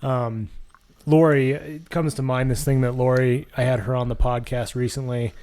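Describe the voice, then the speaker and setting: A man hosts a podcast in a casual, reflective manner, with a dry, wry tone. His pitch is ordinary and his talk is relaxed. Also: moderate pace. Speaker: podcast host.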